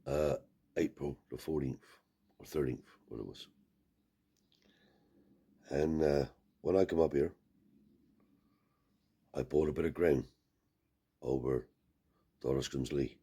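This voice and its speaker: A man tells a long, rambling story in loose country dialect. His voice sits very low and sounds dark and mellow. There is a husky, breathy grain to it. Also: takes it slowly, pauses often. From Cornwall. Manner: rambling yarn with dialect grammar. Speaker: travelling scrap dealer. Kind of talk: casual storytelling.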